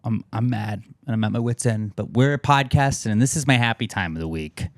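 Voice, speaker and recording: A man's voice: medium pitch, fairly quick, no echo, clean studio sound. A man hosting a podcast in casual chat, grumbling and swearing freely. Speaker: podcast host.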